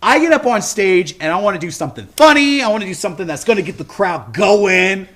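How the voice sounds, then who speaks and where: Podcast co-host, man, 30s, bright high voice, animated storyteller who swears a lot. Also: fast talker. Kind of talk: casual storytelling chat.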